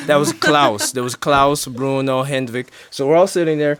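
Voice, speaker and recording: A man in a band telling a story in an interview, lively, with big swings in pitch and volume. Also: normal speed, hardly any pauses, clear, resonant tone. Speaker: band member.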